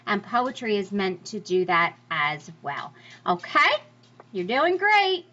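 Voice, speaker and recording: Woman, teacher, encouraging and chatty, bright tone, dull lo-fi recording. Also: medium pitch, sing-song, slow. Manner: encouraging, chatty, reassures listeners. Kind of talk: recorded lecture on poetry.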